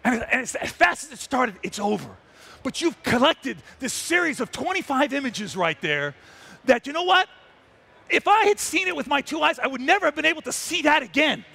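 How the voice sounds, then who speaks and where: Exuberant high-voiced male storyteller. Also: very animated, normal speed, gravelly, bright, forceful tone. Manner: exuberant, breaks into character voices. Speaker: wildlife photographer giving a stage talk. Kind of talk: animated stage storytelling. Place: trade show stage.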